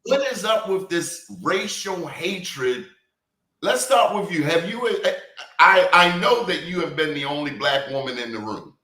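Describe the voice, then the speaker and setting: Male interview host, emphatic and deliberate, recorded with noticeable room echo. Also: a little high, big pitch swings, bright, forceful tone. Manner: emphatic, deliberate, repeats words for stress. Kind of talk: hard-hitting interview. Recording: roomy echo.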